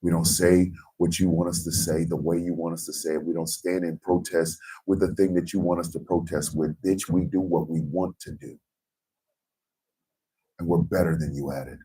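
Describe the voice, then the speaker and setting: Deep-voiced American man ranting on radio. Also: level tone, moderate pace, warm tone, recorded from a distance, rough recording. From United States. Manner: emphatic, blunt, profane. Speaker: radio morning show host. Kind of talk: impassioned radio monologue.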